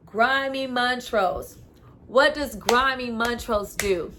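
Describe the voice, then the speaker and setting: A woman's voice: mid-range voice, slow, slight background noise. A woman reviewer casually and animatedly recapping a TV episode, with lots of "you know". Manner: animated, chatty, uses filler "you know".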